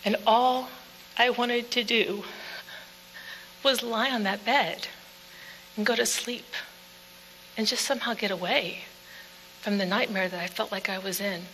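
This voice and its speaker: A woman giving an earnest personal testimony speech in plain storytelling, dropping to quiet passages. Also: fairly high pitch, steady tone, unhurried, long pauses. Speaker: speaker telling her own story. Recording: echoey hall with faint hum.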